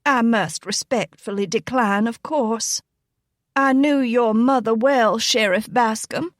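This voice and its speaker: A proud, imperious old woman in her sixties, as a woman reader puts her on, speaking in a firm, rasping voice that stays oddly pleasant. She sounds haughty and unhurried, and the reading is dry and close to the mic. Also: on the high side, dry recording, pitched above the performer's own voice. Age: 60s.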